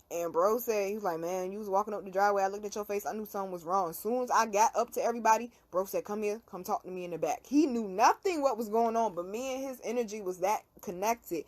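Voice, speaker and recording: A young woman hosting a casual talk show, telling a story in an animated, slangy, profane way. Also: mid-range voice. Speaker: podcast host.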